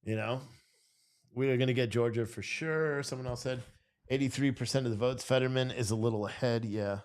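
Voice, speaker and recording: A man's voice: medium pitch, brisk. A tired man hosting a live stream, rambling through casual commentary and swearing freely. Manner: rambling and profane.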